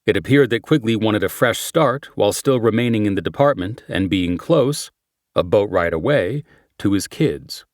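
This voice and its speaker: An audiobook narrator reads scripted crime thriller narration in a low voice, keeping a measured, steady pace. The recording is close and dry, without room sound or echo.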